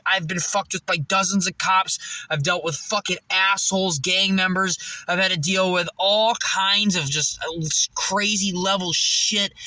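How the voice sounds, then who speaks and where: A man's voice: sits high, bright, forceful tone, no echo. A young man talking casually to camera in a profane, rambling way, laughing often. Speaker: vlogger. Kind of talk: casual vlog monologue. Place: living in his car. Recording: distant from the mic, dry.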